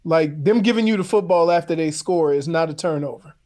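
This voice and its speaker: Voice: mid-range voice, brisk, dark tone. Teasing, laughing sports talk co-host. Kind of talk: casual sports banter.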